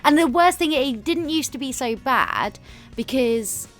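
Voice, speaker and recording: Woman, casual co-host chatter, bit high-pitched, faint background music. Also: lively intonation, a little slow. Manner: chatty, laughs often, acts out little quotes. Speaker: YouTuber co-host. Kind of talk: casual chat.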